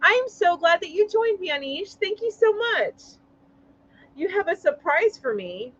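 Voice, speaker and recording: A woman with a high voice hosts a relaxed live chat, greeting viewers one after another and laughing easily between thoughts. The audio is somewhat dull and lo-fi. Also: measured pace. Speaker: livestream host.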